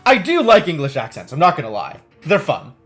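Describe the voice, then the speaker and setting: A man's voice: on the high side, huge pitch swings, a little fast, a bit bright, faint music behind. A man streaming a story game live, chatting casually between reading its text aloud. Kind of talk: casual let's-play commentary.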